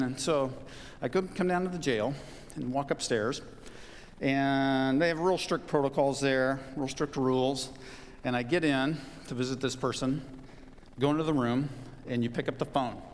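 A man's voice: on the high side, big-room sound, slight background noise. A man preaching a sermon as a pastor, emphatic, repeating key phrases for stress.

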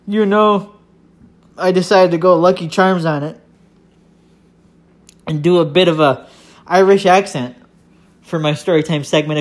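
Chatty Michigan man hosting a podcast. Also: on the high side. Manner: rambling, self-deprecating, chatty with frequent fillers. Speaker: podcast host. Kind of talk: casual solo podcast monologue.

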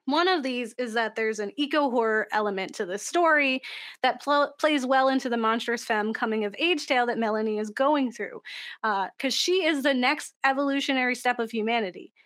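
Animated high-voiced young woman. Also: brisk. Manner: animated, laughs often, lots of likes and fillers. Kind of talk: casual chat.

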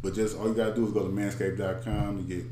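A man hosting a podcast, telling stories in animated, slangy casual chat and reading an ad in the same loose way. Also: lowish voice, quick pace, echoey room, slight background noise. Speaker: podcast host.

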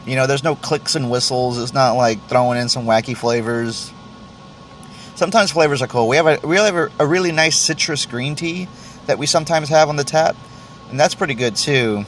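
With a mid-range voice and a moderate pace, this podcast host rambles casually on his own show, mocking himself while sampling tea. He curses often and stumbles through restarts, and there's slight background noise.

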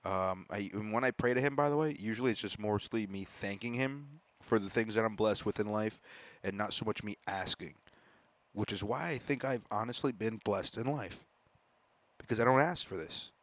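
A man hosting a solo podcast as a comedian, talking in a profane, rambling, animated monologue. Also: lowish voice, normal speed, no room sound. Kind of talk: casual monologue.

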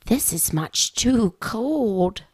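A woman voicing a hungry, tired little girl in a storybook reading, speaking slowly and drawn-out. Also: fairly high pitch, lively intonation, breathy edge, dry recording, pitched above the performer's own voice, heavily acted.

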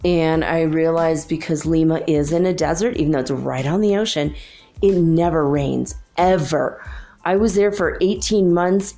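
Rambling, chatty woman with a mellow voice. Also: lowish voice. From Minnesota. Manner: rambling, chatty, laughs often. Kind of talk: casual spiritual musing.

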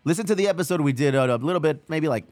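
A man's voice: on the high side, animated, very fast, a little mellow, no echo. A man hosting a podcast, bantering loosely and dropping Spanish slang. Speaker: podcast host. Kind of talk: casual podcast chat.

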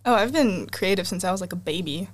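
A young woman chatting as a podcast guest. She talks fast in a loose, casual way, with quick asides and frequent laughs. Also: on the low side, animated. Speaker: guest musician.

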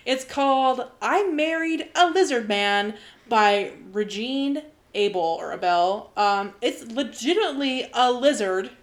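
Animated, laughing woman chatting. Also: fairly high pitch, measured pace. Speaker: podcast co-host. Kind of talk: casual chat.

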